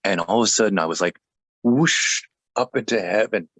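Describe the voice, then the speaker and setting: A man who is a pastor, telling a personal testimony in conversation, joking and laughing often, with halting starts and restarts. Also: lowish voice, a bit bright, no room sound.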